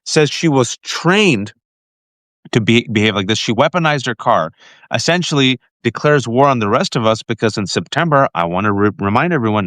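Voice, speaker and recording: A man's voice: medium pitch, fairly bright tone, no room sound. A man hosting a live-stream political talk show, telling events in an urgent, earnest way. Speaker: host. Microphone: phone mic.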